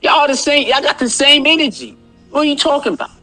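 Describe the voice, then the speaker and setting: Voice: high-pitched, expressive, brisk, bright, forceful tone, soft background music. A speaker in a played video clip, ranting in a confrontational, repetitive, scolding way.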